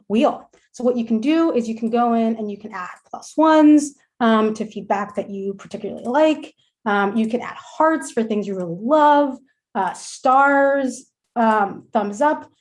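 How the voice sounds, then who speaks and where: A woman giving a product demo over a shared screen, friendly and filling her talk with ums and uhs. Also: fairly high pitch. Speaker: product presenter.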